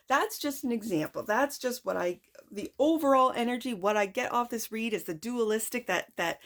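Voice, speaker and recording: A woman giving a tarot reading to camera in an excited, emphatic way. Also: fairly high pitch. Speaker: tarot card reader.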